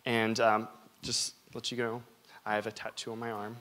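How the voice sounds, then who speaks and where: A man's voice: lowish voice, completely flat delivery, moderate pace, sharp tone. A young man preaching a sermon as a youth pastor, telling stories energetically with frequent fillers.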